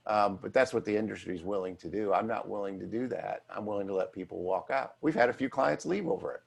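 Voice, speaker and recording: A man's voice: on the low side, fast talker, vocal fry, husky. A man who is a financial advisor, talking bluntly and emphatically in a casual chat with colleagues. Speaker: financial advisor, firm head. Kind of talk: casual office-hours chat.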